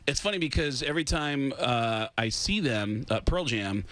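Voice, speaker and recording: A man's voice: medium pitch, lively intonation, moderate pace, fairly bright tone, dry recording. A man nearing fifty, a comedian guest on a radio show, telling long rambling stories with lots of ums and uhs. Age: 40s. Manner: rambling anecdotal delivery with many fillers. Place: radio studio.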